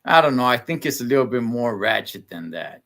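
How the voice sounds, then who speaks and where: A man co-hosting a live TV recap, talking casually, animated and laughing often, trailing off mid-sentence. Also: medium pitch, fairly quick. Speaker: show co-host.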